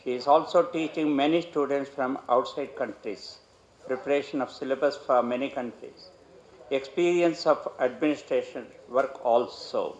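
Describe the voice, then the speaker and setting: A man's voice: medium pitch, normal speed, a little mellow. A man with an Indian English accent formally introducing the next speaker by listing her credentials. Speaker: session chair introducing the speaker. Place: lecture hall. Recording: echoey, dull hall sound.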